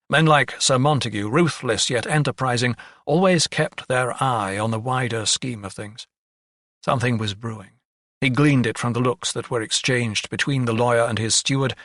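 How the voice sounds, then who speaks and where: A man reading an audiobook in a measured storytelling manner. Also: mid-range voice, a bit bright, dry recording, clean studio sound. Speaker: audiobook narrator. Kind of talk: scripted narration.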